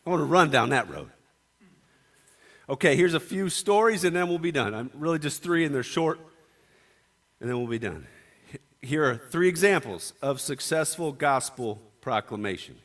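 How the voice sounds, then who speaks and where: A man preaching a sermon, talkative, moving between quiet asides and loud, emphatic declarations. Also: mid-range voice, sing-song, moderate pace.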